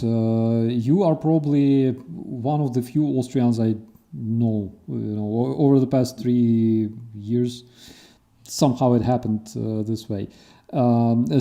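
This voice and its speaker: A man hosting a casual interview, who tells stories in an animated way and acts out the people he quotes. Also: medium pitch. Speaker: host.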